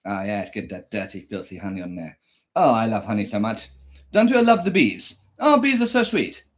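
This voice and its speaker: A man's voice: lowish voice, animated, a little fast. A man hosting a reaction video, chatting in a rambling, crude way and talking to his pet. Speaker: reaction channel host. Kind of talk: casual reaction chat.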